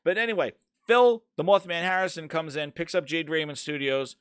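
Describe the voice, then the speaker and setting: A man hosting a casual gaming podcast, ranting loudly and swearing as he talks through the news. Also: a little high, fairly quick, clear, resonant tone, dry recording, clean studio sound. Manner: ranting, profane, animated. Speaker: podcast host.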